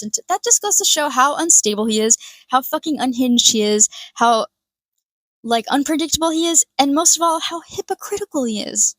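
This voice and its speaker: A woman's voice: high voice, lively intonation, fairly quick, a bit bright, no room sound. A woman giving a profane, sarcastic reaction commentary, swearing often and mocking others in put-on voices.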